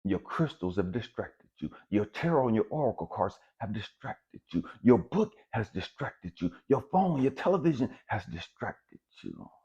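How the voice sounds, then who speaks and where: A man delivers a blunt, profane motivational monologue, repeating his points for emphasis. His voice is husky and fairly high, with a lively, swinging pitch. The recording sounds dull and lo-fi. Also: moderate pace, hardly any pauses. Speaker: spiritual motivational speaker.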